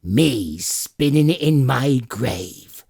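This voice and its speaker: A man voicing an ancient, ghostly great-grandfather who snaps out slow, clipped, contemptuous remarks in an audiobook reading. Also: fairly low pitch, very animated, warm tone, slightly rough, no room sound, clean studio sound, exaggerated voice. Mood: scornful, stern. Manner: snapping, scornful, slow and clipped. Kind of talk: audiobook character voice.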